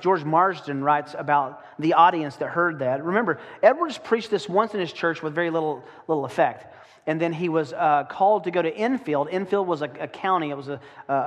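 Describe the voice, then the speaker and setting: A man preaching a sermon to his congregation, with dramatic slowdowns when he reads aloud. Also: on the high side, a bit bright, big-room sound. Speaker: pastor.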